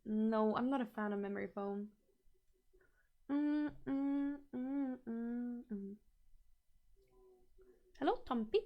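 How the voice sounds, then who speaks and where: Young female streamer, Swedish native with a Norrbotten accent, high voice, chatty, code-switching, lots of restarts. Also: slow, long pauses, narrow, tinny audio. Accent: northern Swedish (Norrbotten). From Norrbotten, northern Sweden. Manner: chatty, restarts and repeats words, mixes English and Swedish. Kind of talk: casual chat with viewers.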